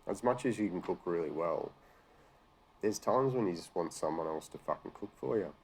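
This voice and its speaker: Australian male host, low register, profane, sarcastic, exasperated commentary. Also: expressive, normal speed, a little mellow, breathy edge. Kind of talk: profane rant reacting to news articles.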